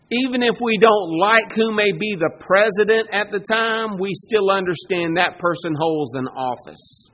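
Male pastor, high-pitched, dramatic sermon delivery with big swings in loudness.

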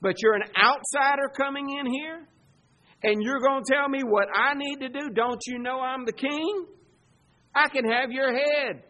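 A man's voice: very high-pitched, a little slow, bright, forceful tone, lo-fi sound, voice pushed up, full character voice. A man voicing an indignant, threatening king inside a sermon, in a raised preaching voice. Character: indignant ancient male king, proud and threatening.

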